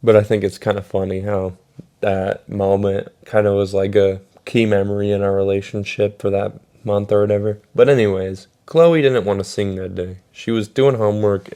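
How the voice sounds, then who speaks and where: Low mellow young guy telling a story. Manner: rambling, profane, lots of fillers. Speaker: storytime vlogger. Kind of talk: casual storytelling.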